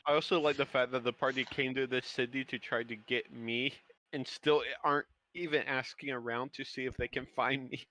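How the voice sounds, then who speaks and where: A male player in a tabletop game, chatting casually and tripping over the starts of his sentences. His voice sits at a mid pitch. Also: steady tone, a little fast, pushed and bright, rough recording.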